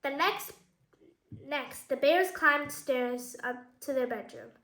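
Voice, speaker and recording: A woman with a high voice reads a picture book aloud for children, pausing to chat about the pictures and quiz her listeners. Her voice rings in an echoey room. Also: bright, forceful tone. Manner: casual, explains the pictures and asks questions. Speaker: children's story reader.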